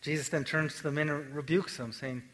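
A man preaching a sermon in a casual, conversational way, moving between lively emphasis and quiet, hushed stretches. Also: a little high, a little fast, a little hiss or hum, low-quality recording. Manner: conversational, swings from energetic to hushed. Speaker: pastor.

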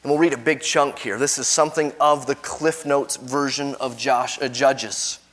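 A man preaching a sermon, reading scripture aloud and explaining it, his voice climbing for quoted lines and falling soft at the ends of phrases. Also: mid-range voice, steady tone, moderate pace. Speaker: pastor. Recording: long hall reverb.

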